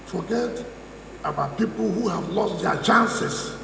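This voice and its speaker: A Nigerian politician giving a forceful, mocking speech at a church thanksgiving, full of repetition and rhetorical questions. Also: male voice, sits high, lively intonation, takes it slowly, gravelly, slight background noise. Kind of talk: public speech. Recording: echoey hall, speaker far from mic.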